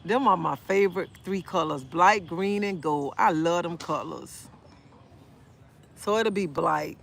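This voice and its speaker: Outspoken gravelly woman. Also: on the low side, a little slow. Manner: outspoken, animated; answers viewer comments. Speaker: livestreamer. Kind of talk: casual live-stream chat. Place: outdoor park.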